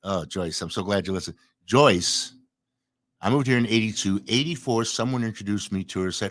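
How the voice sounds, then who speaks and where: An older man hosting a casual talk show, telling lively stories, laughing often and acting out what others said. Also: fairly low pitch, normal speed, no room sound. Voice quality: animated storyteller, laughs often, acts out quotes. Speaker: host. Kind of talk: casual chat.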